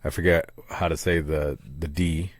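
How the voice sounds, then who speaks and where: A man co-hosting a casual podcast, short of breath, taking long pauses and laughing often. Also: very deep voice, flat delivery, no room sound, studio quality. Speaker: podcast co-host. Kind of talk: casual chat.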